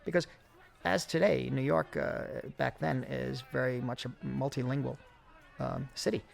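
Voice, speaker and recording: Gravelly-voiced man giving film commentary. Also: medium pitch, steady tone, measured pace, faint music behind. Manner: reflective, many fillers and restarts. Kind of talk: audio commentary.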